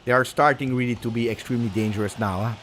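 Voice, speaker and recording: A man with an Italian accent doing live fan commentary on a match, excitable, throwing in Italian exclamations and talking to his viewers. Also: medium pitch, quick pace, a little hiss or hum. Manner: excitable, switches into Italian exclamations, talks to chat.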